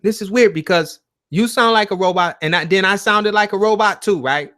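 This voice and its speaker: A man's voice: sits high, fairly quick, a bit bright. A man hosting a call-in show, chatting loosely and bluntly with callers over a shaky internet connection. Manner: loose, blunt, swears casually. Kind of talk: casual call-in chat.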